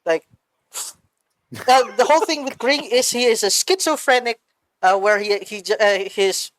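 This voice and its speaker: A woman with a Filipino accent, chatting as a podcast co-host, animated and swearing freely, slipping Filipino words into English. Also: fairly high pitch, normal speed, no echo, rough recording. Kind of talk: casual chat.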